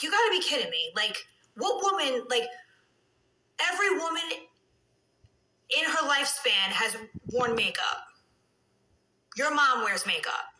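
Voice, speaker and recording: A woman's voice: fairly high pitch, pushed and bright, slight background noise, rough recording. A woman, chatting late at night with viewers on a phone livestream and cursing out trolls. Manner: brash, swears freely, talks back to trolls. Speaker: reality TV personality on a phone livestream. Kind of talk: casual livestream chat with viewers.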